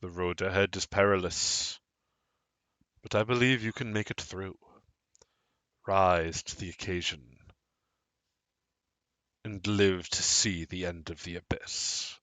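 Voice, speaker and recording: A solemn fishman guide speaks in a slow, hushed voice, as a man puts him on. The voice is bright and dry. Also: low voice, fairly even intonation, no echo, voice pushed down.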